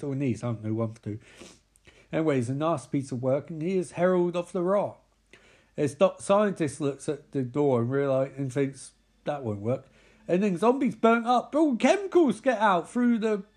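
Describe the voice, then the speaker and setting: A man's voice: fairly high pitch, darkish tone. A man giving rambling, sweary, sarcastic commentary over a film.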